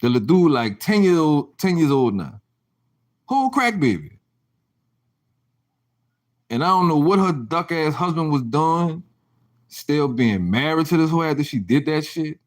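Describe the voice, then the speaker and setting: A man's voice: on the high side, sing-song, unhurried, pauses often. A man rants to his livestream viewers in a slightly raised voice that swings widely up and down. He tells profane, rambling stories and stumbles into restarts. His tone turns mocking as he gossips and laughs. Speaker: livestream host. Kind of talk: casual livestream rant.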